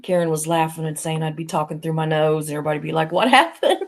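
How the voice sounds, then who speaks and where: A woman's voice: deep voice, completely flat delivery, rapid-fire, a little mellow. A woman with a Southern accent rambling casually on a live stream, a little nasal from allergies, laughing often. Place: bedroom of a vacation stay.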